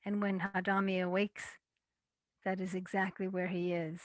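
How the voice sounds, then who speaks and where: A woman storyteller telling a folktale in a measured, deliberate way. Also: fairly low pitch, little pitch movement, no echo.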